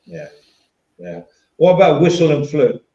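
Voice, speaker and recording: A man's voice: on the high side, very animated, a little slow, warm tone, muffled recording. Chatty English man in a roomy space. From England. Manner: chatty, rambling, swears casually. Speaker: podcast host. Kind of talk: casual chat.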